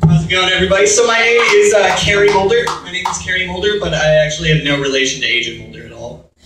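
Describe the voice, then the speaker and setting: A man's voice: high voice, fast, recorded from a distance, music in the background. A man doing a chatty stand-up set as a comedian and actor, checking in with the crowd. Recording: echoey venue, mic from afar.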